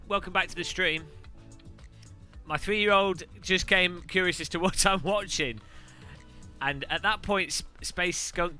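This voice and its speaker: A man's voice: high voice, sharp tone, faint music behind. A man chatting casually and rambling on a live stream while sim racing. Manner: chatty, rambling, quick asides.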